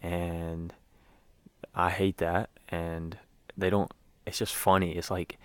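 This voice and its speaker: A man with a low, smooth voice hosts a casual sports podcast. He rambles loosely and fills his pauses. The sound is dry and close. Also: little pitch movement, no echo. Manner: rambling, loose, lots of fillers. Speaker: podcast host.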